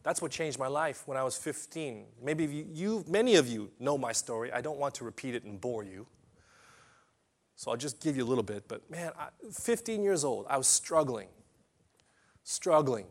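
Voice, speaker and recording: A man delivering an impassioned sermon at a mid-range pitch. He swings between hushed, intimate passages and loud, rising emphasis, often repeating and restarting phrases as he presses his point. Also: animated, moderate pace. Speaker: preacher.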